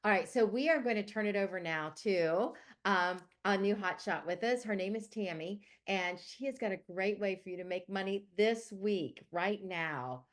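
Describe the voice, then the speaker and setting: A woman's voice: medium pitch, normal speed, hardly any pauses. A woman hosting a video call meeting, introducing the next speaker with enthusiasm. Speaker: host. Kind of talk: hosting a virtual team meeting.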